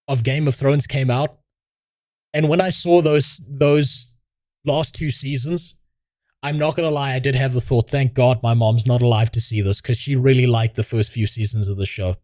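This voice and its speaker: A man's voice: medium pitch, a little mellow, no room sound. Crude, foul-mouthed male streamer. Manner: crude, heavy swearing, self-mocking. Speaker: streamer reacting to videos. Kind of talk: casual stream commentary.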